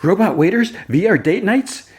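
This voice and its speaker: A man doing a giddy young man in a squeaky falsetto while retelling a cartoon. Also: huge pitch swings, normal speed, a little mellow. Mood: gushing. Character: excitable young man, gushing.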